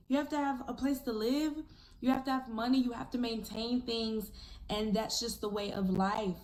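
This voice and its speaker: A woman's voice: fairly high pitch, slight background noise. A young woman, a recording artist, ranting in an exasperated, profane, rambling monologue.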